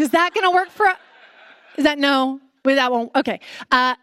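Brash, high-voiced Canadian woman. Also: normal speed, fairly bright tone. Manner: brash, sarcastic, playful. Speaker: podcast host. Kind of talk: live comedy podcast monologue. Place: stage before a live audience.

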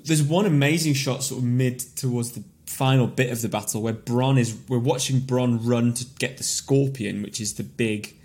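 A man co-hosting a podcast, talking excitedly in a rambling way. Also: medium pitch, moderate pace, few pauses, breathy edge. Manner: excitable, rambling, frequent fillers. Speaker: podcast co-host. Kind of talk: casual chat.

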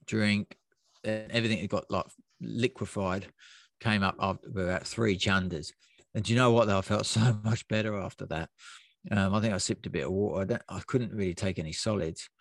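A laid-back podcast host who is also an ultra runner recaps a race in casual chat. His voice is low and dry, the recording is dry too, and his storytelling rambles with plenty of fillers.

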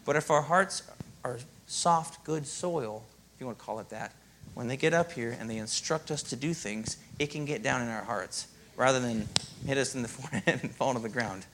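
A man preaching a sermon as pastor, in a lively, conversational way and often asking "Amen?". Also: medium pitch, normal speed, a little hiss or hum.

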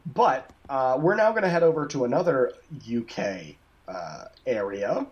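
A man co-hosting a podcast in casual chat, goofy and animated, tripping over his words. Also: medium pitch, unhurried, dull audio. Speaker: podcast co-host. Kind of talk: casual chat, reading a sponsor spot.

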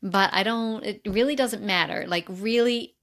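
A woman's voice: medium pitch, normal speed, a bit bright. Earnest woman mindset coach explaining. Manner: earnest and explanatory, with fillers like "right?". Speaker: mindset coach, interview guest. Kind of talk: casual conversational interview.

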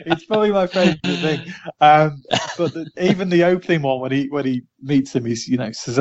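A man's voice: a little high, fairly quick. A man, co-hosting a casual podcast chat and quoting film lines between laughs. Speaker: podcast co-host. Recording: muffled lo-fi audio.

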